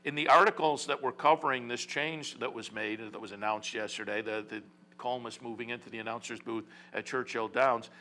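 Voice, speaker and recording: A man hosts a horse racing radio talk show in a loose, casual way, full of fillers and restarts. His voice sounds bright and forceful. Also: medium pitch, steady tone, fairly quick. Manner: rambling, many fillers and restarts.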